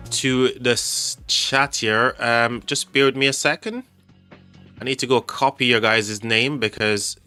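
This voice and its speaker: With a medium-pitched, bright and forceful voice, this livestream host keeps up casual game commentary, joking around with his chat and addressing people as mate. Faint music sits in the background.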